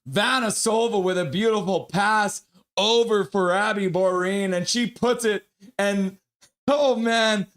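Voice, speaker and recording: A man with a notably high-pitched voice does casual play-by-play for a hockey game on his live stream. He is excitable and loud when goals go in. He spends long stretches reading viewer comments aloud and laughing with them. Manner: excitable, shouts and whoops at goals. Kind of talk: amateur play-by-play and chat reading.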